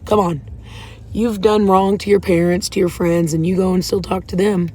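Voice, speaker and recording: In a casual confessional vlog, a woman shares her faith from her parked car in a parking lot, speaking with candor and emotion and wandering a bit. Her lowish, dark voice moves at a moderate pace with little change in pitch.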